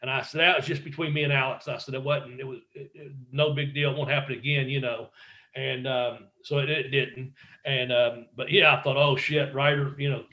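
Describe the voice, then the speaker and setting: A former wrestler telling stories in a casual interview, swearing freely and acting out what other people said. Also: male voice, medium pitch, fairly quick, muffled recording. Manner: profane, animated storyteller acting out quotes. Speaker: guest, former pro wrestler.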